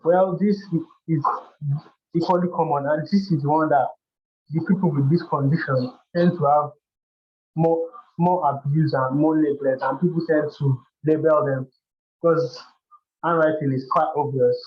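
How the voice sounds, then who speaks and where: A man's voice: a little high, fairly even intonation, unhurried. A man hosting a workshop, explaining topics step by step in a loose way with frequent restarts. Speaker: workshop host. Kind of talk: educational talk. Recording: dull lo-fi sound.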